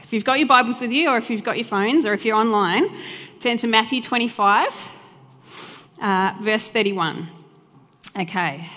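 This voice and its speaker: A woman's voice: mid-range voice, fairly bright tone. A woman preacher, praying and giving a church sermon with a fervent, heartfelt delivery and chatty asides. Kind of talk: live church sermon with prayer. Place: church hall during a live service. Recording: long hall reverb, faint music.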